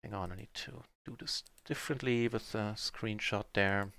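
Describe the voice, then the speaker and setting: Man, poker streamer, muttered live commentary, excited outbursts, dry close mic. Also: on the low side, moderate pace, gravelly, clear, resonant tone, no echo. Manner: chatty, swings from muttering to excited shouting.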